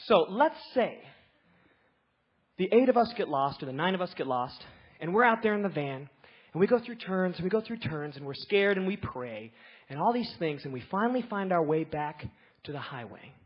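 Husky-voiced woman preaching. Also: fairly low pitch, normal speed. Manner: animated, swings from quiet to shouting. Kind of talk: storytelling sermon. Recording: slightly dull lo-fi recording.

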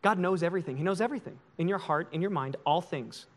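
A male pastor preaching a sermon in an emotional, confessional way, swinging from loud to hushed. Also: high-pitched, fast.

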